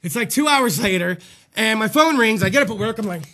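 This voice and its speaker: High-voiced, profane man out of breath. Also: animated, a little fast, pushed and bright. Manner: profane, rambling storytelling with laughs. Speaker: podcast host. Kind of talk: casual chat.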